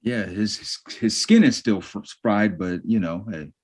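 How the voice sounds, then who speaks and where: A man's voice: lowish voice, measured pace, darkish tone. A man co-hosting a podcast, summarizing a sitcom plot in a laid-back way with hesitant fillers. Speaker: podcast co-host. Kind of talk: casual chat recapping a sitcom episode.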